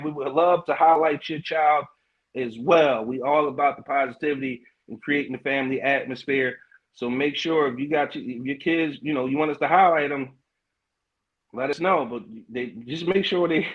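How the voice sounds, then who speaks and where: A middle-aged man hosting a podcast livestream in casual chat, loose and hyped, with lots of slang, fillers and quick laughs. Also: on the high side, muffled recording. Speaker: podcast host.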